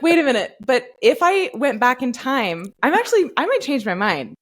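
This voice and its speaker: A woman's voice: high voice, big pitch swings, normal speed. A woman hosting a podcast, telling stories in a chatty way, full of fillers. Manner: chatty storyteller, many fillers. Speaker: podcast host. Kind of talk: casual podcast chat.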